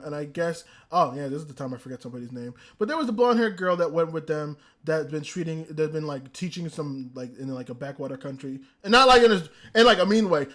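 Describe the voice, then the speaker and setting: A man reviewing anime in a casual, excitable rant, swearing freely. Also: sits high. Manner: excitable, profane ranting. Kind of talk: casual commentary. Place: indoors, a room.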